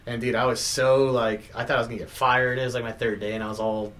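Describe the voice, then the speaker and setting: A man's voice: mid-range voice, flat delivery, quick pace, hardly any pauses, fairly bright tone. A man in his thirties, a podcast guest, talking casually and laughing often. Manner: laid-back, laughs often. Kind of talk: casual chat.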